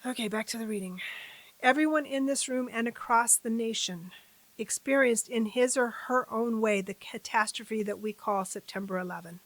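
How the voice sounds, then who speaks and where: A woman hosting a civics channel, reading a formal testimony aloud at a deliberate pace and breaking off for chatty asides to her viewers. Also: on the high side, no room sound, rough recording.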